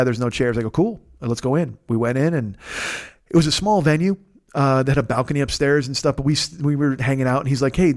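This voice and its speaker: Fast-talking man telling a heated story. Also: mid-range voice. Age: 40s. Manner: rapid, profane, swings between loud agitation and quiet reflection. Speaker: podcast host. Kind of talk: casual storytelling monologue.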